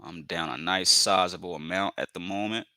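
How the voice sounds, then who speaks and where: A man's voice: deep voice, moderate pace, sharp tone, no echo. A man giving live commentary on his trades, repeating phrases, filling with "you know" and calling viewers family as he talks himself into staying patient.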